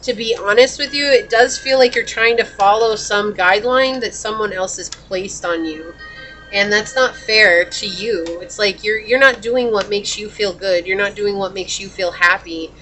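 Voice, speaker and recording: A woman's voice: medium pitch, normal speed, sharp tone, soft background music. Woman tarot reader, chatty, emotional, talks straight to viewers. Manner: chatty, emotional, says y'all. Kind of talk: pick-a-card tarot reading.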